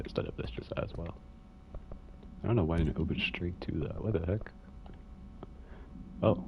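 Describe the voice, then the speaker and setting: Deep and gravelly, this man's voice carries casual commentary as he streams a video game, swearing and humming while reading the game's text aloud. He uses headphones and a desk mic, and the stream audio sounds slightly muffled with a faint hiss.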